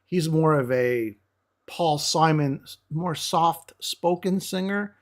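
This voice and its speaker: A man's voice: a little high, slow pace. A man co-hosting a metal music show who eagerly breaks down a song's guitar and vocals, stammering at times. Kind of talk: casual music review chat.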